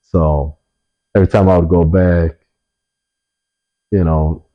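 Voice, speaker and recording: A young man telling stories in a relaxed interview, swearing often and leaning on fillers. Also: sits low, slow, muffled recording, a little hiss or hum. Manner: laid-back, swears a lot, many fillers. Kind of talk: casual storytelling in an interview.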